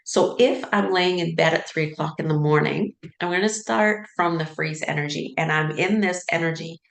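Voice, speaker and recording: A woman's voice: low-pitched, moderate pace, gravelly, echoey room. A woman sleep coach talking casually, explaining ideas and acting out worried thoughts, with lots of "like" and "right?". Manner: conversational, acts out inner thoughts with filler "like" and "right?". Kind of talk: casual teaching talk.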